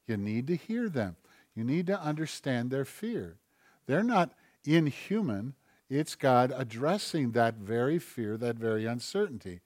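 A male pastor preaching a sermon in a conversational way, building up to loud, emphatic questions. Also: mid-range voice, very animated, measured pace, dry recording, studio quality. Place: church sanctuary.

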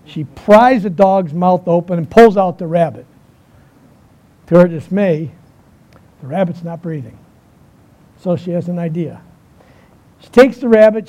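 A man preaching a sermon, moving between emphatic lines and quiet pauses, telling a story to make his point. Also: sits high. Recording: dull lo-fi sound.

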